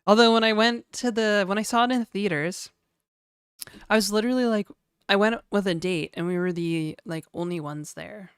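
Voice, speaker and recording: A woman's voice: medium pitch, moderate pace, clean tone, no echo, clean studio sound. A woman streaming live, chatting casually and rambling while reading out chat messages.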